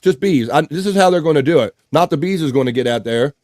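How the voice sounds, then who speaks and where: Animated man hosting a live stream. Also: a little high, fast, slight background noise. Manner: animated and jokey, laughs often. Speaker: livestream show host. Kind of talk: casual chat, reading viewer comments aloud.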